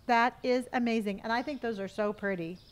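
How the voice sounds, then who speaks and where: A woman with a slightly high voice chats casually through a live game stream. She thanks viewers and answers their questions between tasks. She hums and counts sums under her breath while she plays. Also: brisk. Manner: chatty, thanks viewers for gifts and answers chat.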